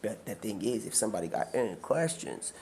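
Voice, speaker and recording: A man's voice: on the low side, expressive, brisk, mellow, slight background noise. A man hosting a live stream, rambling through a long story and acting out the characters he quotes. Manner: rambling, acts out quoted characters in shifting voices. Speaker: livestream host.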